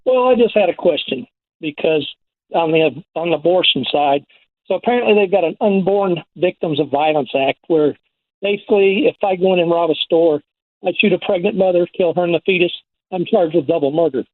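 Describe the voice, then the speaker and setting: A man's voice: fairly high pitch, fairly quick. A man calling in to a talk radio show, asking questions and arguing his point earnestly. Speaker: caller. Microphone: telephone. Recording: tinny phone line.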